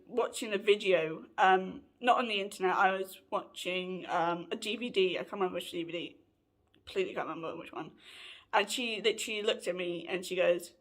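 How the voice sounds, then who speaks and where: Indoors at home, a woman in her late twenties with a slightly bright mid-range voice shares a personal story with her camera. She's chatty and rambling as a vlogger, frequently correcting herself.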